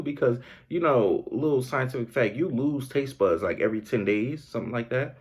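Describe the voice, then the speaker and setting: A man hosting a podcast in a comedic monologue, incredulous and animated, laughing often. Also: mid-range voice, brisk, hardly any pauses, slightly rough. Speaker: podcast host.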